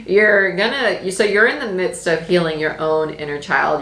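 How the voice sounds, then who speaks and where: Woman tarot reader, lowish voice, chatty and emphatic, recorded in an echoey room. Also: steady tone, moderate pace, fairly bright tone. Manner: chatty, emphatic, laughs often, repeats phrases. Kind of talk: casual tarot reading.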